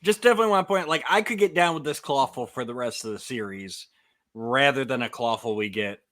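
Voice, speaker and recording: A man co-hosting a casual fan podcast, animated and quick to laugh, often restarting his sentences. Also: medium pitch. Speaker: podcast co-host.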